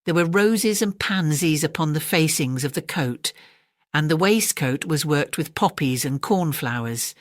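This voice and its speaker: A woman narrating a classic storybook in a gentle, measured bedtime reading. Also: low voice, animated, dry recording, studio quality.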